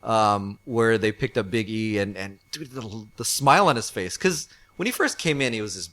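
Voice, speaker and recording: A man's voice: lowish voice, lively intonation, normal speed, a bit bright. Male podcast co-host, laid-back wrestling chat, rambling with lots of ums and restarts. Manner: rambling, many fillers and restarts. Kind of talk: casual wrestling review chat.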